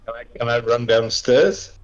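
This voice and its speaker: A man's voice: mid-range voice, moderate pace. A man playing a tabletop game, asking blunt, eager questions. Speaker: player. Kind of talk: casual tabletop play. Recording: dull lo-fi recording.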